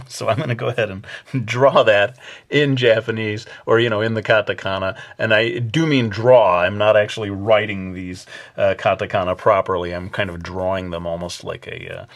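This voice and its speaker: A man's voice: lowish voice, animated, moderate pace. A man teaching a drawing lesson in a casual, hesitant way, with many fillers and joking asides. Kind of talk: casual drawing tutorial narration.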